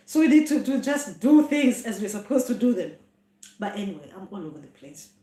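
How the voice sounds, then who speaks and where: A woman's voice: medium pitch, sing-song, a little fast, warm tone, roomy sound. A middle-aged South African woman, a traditional healer, chatting casually on a live stream and often exclaiming with laughter. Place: home room.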